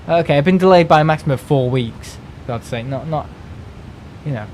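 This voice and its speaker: A man's voice: on the high side, fairly quick, darkish tone, a little hiss or hum, rough recording. A young man, chatting casually on a live stream, rambling and grumbling as he talks. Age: young adult. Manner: rambling, grumbling, mimics other people in asides.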